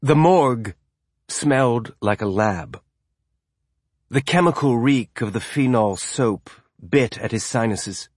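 A man reading a novel aloud as an audiobook narrator, with a measured, even storytelling delivery. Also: mid-range voice, no echo, studio quality. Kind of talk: scripted narration.

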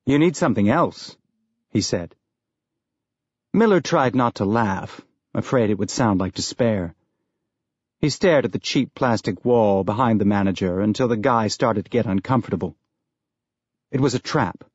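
A man narrating an audiobook in a measured, even storytelling manner. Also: fairly low pitch, slightly rough, no room sound, muffled recording. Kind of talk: scripted narration.

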